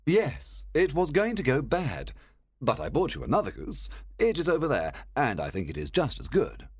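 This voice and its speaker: A man voicing a calm, clever male detective who explains things precisely, in a storybook reading. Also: a little high, husky, no echo, clean studio sound, pitched above the performer's own voice, full character voice. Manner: measured, explaining.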